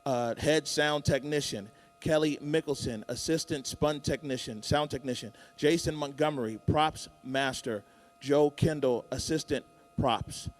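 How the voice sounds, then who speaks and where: A man's voice: a little high, a little slow. A man hosting a live morning show from a theater stage, speaking in a casual, hyping way. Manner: casual, hyping, lists names.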